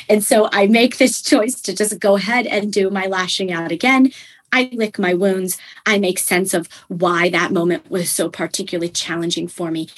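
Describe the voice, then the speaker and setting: A young adult woman with a husky, slightly breathy voice speaks as a parenting coach in an interview. She explains earnestly and conversationally, with plenty of fillers, at a medium pitch. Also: poor audio.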